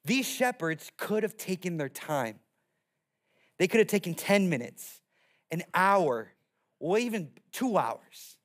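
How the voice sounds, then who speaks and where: High-voiced man preaching a sermon. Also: slow. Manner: animated storytelling with playful character voices. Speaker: pastor.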